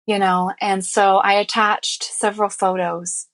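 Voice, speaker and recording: A woman's voice: medium pitch, level tone, a little slow, fairly bright tone. Earnest woman telling a personal story. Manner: candid and earnest, heavy with fillers like "you know" and "I mean"; emotional, reliving events as she tells them. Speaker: interview guest. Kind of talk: personal storytelling in a conversational interview.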